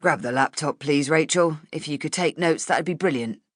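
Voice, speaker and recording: A woman doing a brisk, impatient male editor. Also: deep voice, dry recording, studio quality.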